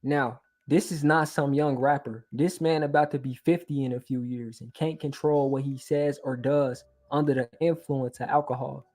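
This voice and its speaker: A man's voice: medium pitch, fairly even intonation, moderate pace, hardly any pauses, darkish tone. A man hosting a commentary video, narrating a scripted, argumentative breakdown point by point. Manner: argumentative, explains step by step. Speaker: commentary channel host.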